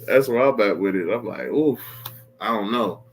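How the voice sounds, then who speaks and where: A man's voice: lowish voice, brisk, slight background noise. A man guesting on a wrestling podcast, chatting casually with laid-back slang and acting out his own lines.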